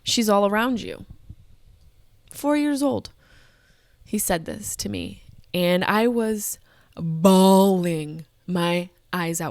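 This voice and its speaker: A woman's voice: on the low side, dry recording, studio quality. Profane, candid woman in her thirties. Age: 30s. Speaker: podcast host. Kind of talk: personal storytelling.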